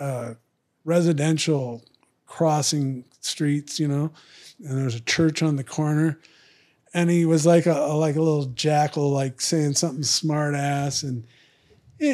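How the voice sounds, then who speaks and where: A man's voice: on the high side, darkish tone. Blunt, profane man telling stories. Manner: blunt, profane, acts out both sides of arguments. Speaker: guest. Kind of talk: casual storytelling.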